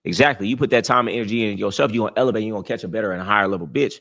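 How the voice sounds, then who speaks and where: A man's voice: lowish voice, very fast, gravelly, fairly bright tone. A young man hosting a live stream, giving casual dating advice in a brash, boastful, profane street-talk manner. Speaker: livestream host.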